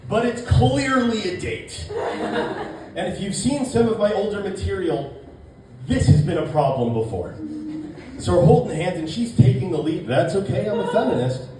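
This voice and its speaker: Animated male comedian on a roomy stage. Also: sits high, distant mic, background noise. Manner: animated storytelling, acting out both sides of a date. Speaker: stand-up comedian. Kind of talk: stand-up comedy set.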